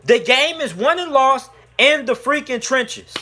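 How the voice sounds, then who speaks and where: Heated man, sports vlogger, high sharp voice, furious repetitive rant. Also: unhurried. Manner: angry, heated, repetitive ranting. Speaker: sports YouTuber. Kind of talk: ranting sports commentary.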